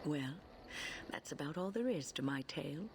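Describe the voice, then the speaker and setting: A man voicing a calm mage in a video game, wrapping up the tale of how he joined his order. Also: on the high side, normal speed. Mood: reflective. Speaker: game character. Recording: game audio with clear background noise.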